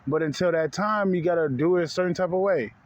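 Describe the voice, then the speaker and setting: Fed-up man ranting, slightly high voice. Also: fast talker, muffled recording. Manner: heated, profane, repetitive, says bro often. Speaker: spiritual vlogger. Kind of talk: casual rant to camera.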